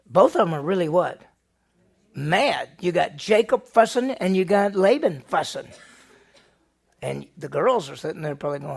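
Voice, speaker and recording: Gravelly, animated male pastor teaching. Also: high-pitched, normal speed. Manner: animated retelling with rhetorical questions. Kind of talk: Bible study lesson.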